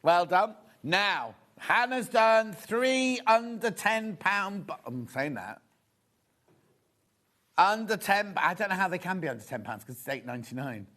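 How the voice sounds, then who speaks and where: A man's voice: sits high, lively intonation, unhurried, sharp tone. A man presenting fabrics on a live shopping channel in a TV studio, chatty and rambling, with gossipy asides. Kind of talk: live TV selling chat.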